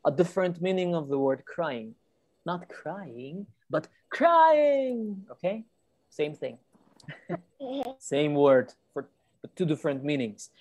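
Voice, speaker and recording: A woman teacher with a low voice reads a children's book aloud on a video call. She talks slowly and patiently and stops to explain words. The sound is dry and close. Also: animated, dark tone, no room sound. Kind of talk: reading a storybook to children.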